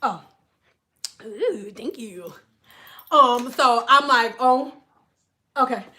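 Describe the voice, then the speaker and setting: Animated, profane woman from Detroit. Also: a little high, drawn-out words. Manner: animated, profane, thanks donors mid-story. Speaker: hairstylist and livestream host. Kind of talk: livestream storytelling.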